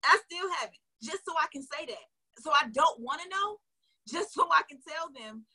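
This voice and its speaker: A woman's voice: sits high, lively intonation, fairly quick, pushed and bright. A woman sales coach giving casual, emphatic advice straight to her viewers, chatty and often laughing. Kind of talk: casual motivational coaching talk. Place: recorded for an online video.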